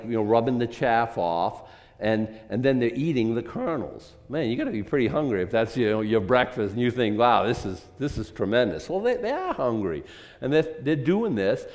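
Conversational male pastor, rhetorical and animated, church hall reverb. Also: medium pitch. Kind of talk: sermon.

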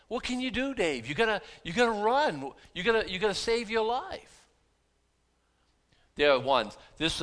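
This is a male pastor with a fairly high voice giving a sermon. His preaching feels lively and conversational, packed with rhetorical questions.

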